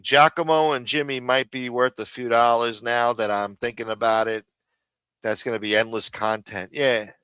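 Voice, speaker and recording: Profane, bright-voiced male streamer ranting. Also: medium pitch, fairly even intonation, moderate pace, clear, resonant tone, no echo. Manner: profane and combative, many fillers and "bro"; repeats phrases and mutters asides. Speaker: live stream host. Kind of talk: casual livestream rant.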